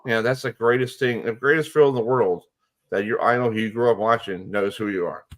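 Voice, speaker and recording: This sports radio host is a fairly quick talker with a mid-range voice. He chats casually and excitably, rambling through stories with lots of fillers.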